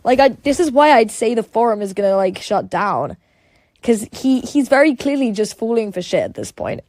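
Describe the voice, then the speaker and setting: A woman's voice: a little high, very animated, normal speed, a little mellow, dry recording. A woman hosting a casual livestream, reading chat aloud and rambling with lots of "like" and "um" fillers.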